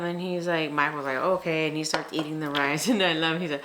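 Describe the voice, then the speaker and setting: Casual woman podcaster, low voice. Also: steady tone, a little fast, few pauses, noisy background. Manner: retells scenes by acting out the lines, lots of "like". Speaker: podcast co-host. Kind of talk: casual chat.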